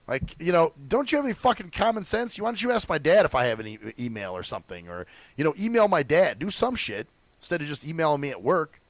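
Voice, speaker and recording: A young man hosting a radio show, telling stories in a profane, animated, chatty way. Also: fairly high pitch, quick pace, no echo. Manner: profane, animated storytelling with acted quotes. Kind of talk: casual chat.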